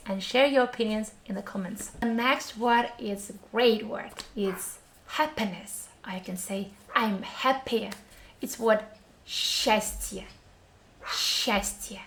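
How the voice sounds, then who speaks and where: A woman with a Russian accent, a native speaker of the language she teaches, leads a pronunciation lesson in a fairly high voice. She talks at a slow, careful pace, repeating each word so the listener can follow along. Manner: slow, careful, encouraging, repeats words for drilling.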